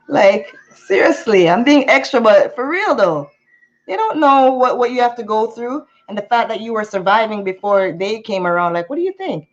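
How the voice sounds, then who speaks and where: A woman, talking through a personal story in an animated, venting way, sometimes slipping into patois. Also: fairly high pitch, normal speed. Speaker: YouTuber. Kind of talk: candid storytime vlog. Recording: muffled lo-fi sound.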